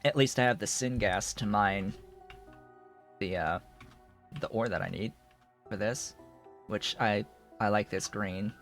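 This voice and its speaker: A man's voice: fairly low pitch, a little slow, pauses often, a bit bright, soft background music. A man streaming a game, thinking aloud in a rambling way with many restarts. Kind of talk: casual live-stream commentary while playing.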